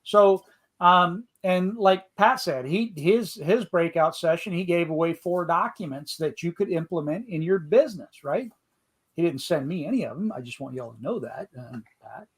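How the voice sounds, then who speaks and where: A man chatting casually as a podcast co-host, his voice sitting fairly high. He talks loosely, restarts and repeats words, and laughs easily. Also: animated, normal speed, slightly rough. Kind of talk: casual chat.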